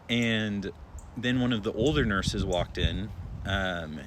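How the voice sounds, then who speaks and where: A young man, an emergency room nurse, telling a story to his followers in a chatty, relaxed way with lots of filler words. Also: on the low side, slow, a little hiss or hum.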